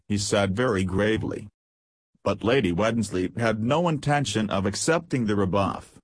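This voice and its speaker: Male audiobook narrator, low and husky, steady delivery. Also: unhurried, no echo. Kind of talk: scripted narration.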